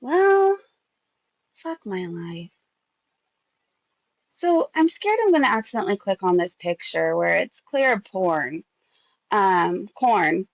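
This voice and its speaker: A woman's voice: on the low side, sing-song, slow, vocal fry, long pauses, no room sound, dull audio. A woman hosting a gossip channel, reading out screenshots in casual, sarcastic commentary that swears freely and keeps getting distracted.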